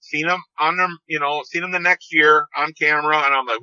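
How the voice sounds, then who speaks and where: A seed company owner in his fifties rambles through stories by phone on a podcast, repeatedly restarting phrases in this casual interview. His slightly high voice is sharp yet smooth, fairly even in intonation, brisk and with hardly any pauses. The audio is a dull, dry phone call without echo.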